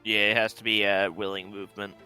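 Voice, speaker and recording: A man's voice: fairly low pitch, level tone, fast talker, bright, forceful tone, soft background music. A man playing a tabletop game, playfully describing his character's moves step by step. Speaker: player. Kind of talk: casual tabletop play.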